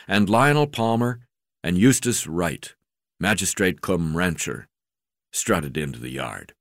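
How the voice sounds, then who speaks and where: A man's voice: low-pitched, no room sound, clean studio sound. A man reading his own memoir aloud, unpolished, with frequent fillers and restarts.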